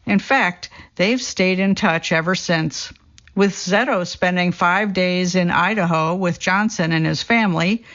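A narrator giving a scripted reading of a true story, quoting people in the same steady voice. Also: medium pitch. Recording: dull lo-fi recording.

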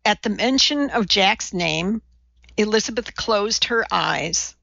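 A woman narrating a novel in a measured, dry manner. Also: mid-range voice, lively intonation, vocal fry, bright, forceful tone, no echo, muffled recording. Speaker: audiobook narrator. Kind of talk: audiobook narration.

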